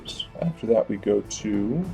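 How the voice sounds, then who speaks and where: A man's voice: lowish voice, animated, measured pace, vocal fry, warm tone, soft background music. A man running a tabletop game as dungeon master, giving matter-of-fact rulings with dry jokes.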